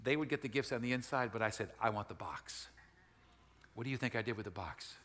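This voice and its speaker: Man, pastor, bright forceful voice, folksy sermon, long hall reverb. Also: medium pitch, racing, slight background noise. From Wisconsin, United States. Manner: conversational, folksy, repeats and restarts phrases.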